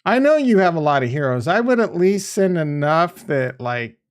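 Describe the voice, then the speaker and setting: A man livestreaming a crypto game and chatting to viewers, excitable and rambling, laughing often and swearing casually. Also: fairly high pitch, normal speed. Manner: rambling, thinks aloud. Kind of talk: live stream commentary.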